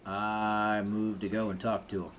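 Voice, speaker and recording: Laid-back joking player, low voice. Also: male voice, little pitch movement, measured pace, a bit bright. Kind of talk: casual tabletop play.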